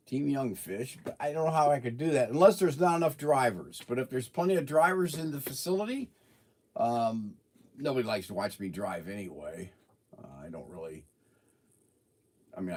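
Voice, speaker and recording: A man's voice: lowish voice, darkish tone. A man hosting a casual livestream, rambling and joking as he reads out viewer comments. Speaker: livestream host.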